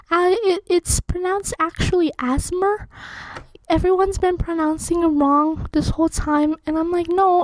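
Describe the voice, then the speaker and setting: A woman's voice: very high-pitched, fairly even intonation, measured pace, dry recording, rough recording. A woman doing a silly whispered role-play, mock soothing.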